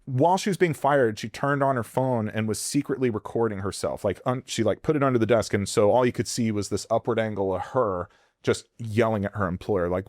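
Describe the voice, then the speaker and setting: A man speaking bluntly and with energy in a podcast interview, swearing freely and acting out quoted voices. His voice sits at a middle pitch. It is recorded dry and close on a studio mic. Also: fairly quick, no echo. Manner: blunt, profane, animated, acts out quoted voices. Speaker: employment lawyer guest. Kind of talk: candid advice in a podcast interview.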